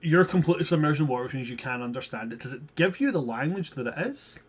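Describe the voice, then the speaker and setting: A man narrating as game master of a tabletop game, jokey and quick to laugh while describing scenes. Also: mid-range voice, very animated, slightly rough.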